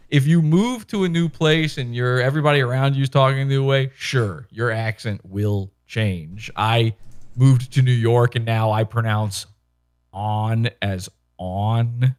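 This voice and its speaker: A man hosting a podcast, chatting in a rambling, animated way and swearing casually into a microphone. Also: mid-range voice, moderate pace. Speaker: podcast host. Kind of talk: casual commentary chat. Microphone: microphone with headphones.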